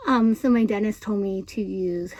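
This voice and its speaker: A woman's voice: mid-range voice, normal speed, darkish tone, low-quality recording. A young adult woman talking in a casual vlog diary. Her S sounds come out airy and slightly lisped, and she chats along with plenty of ums and likes. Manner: chatty, with frequent ums and likes. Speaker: vlogger.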